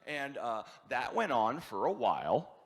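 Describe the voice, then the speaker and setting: A man from the Midwest doing a stand-up comedy set, telling a story with lots of animation and acting out people yelling. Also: medium pitch, sing-song, measured pace, in a large hall. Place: comedy show venue.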